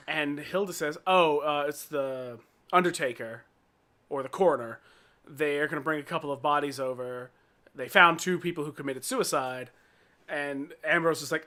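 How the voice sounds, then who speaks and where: A man's voice: on the high side, pushed and bright. A man co-hosting a casual podcast, recapping a TV episode and acting out bits of dialogue. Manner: recaps scenes with quick acted-out quotes. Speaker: podcast co-host.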